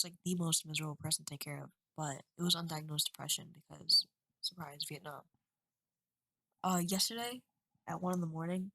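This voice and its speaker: A young woman in her twenties vlogs into her webcam at home, rambling and emotional as she talks through a hard stretch. Her voice sits low yet sounds bright and forceful. The room is dry, with little echo. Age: 20s. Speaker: vlogger. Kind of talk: confessional webcam vlog.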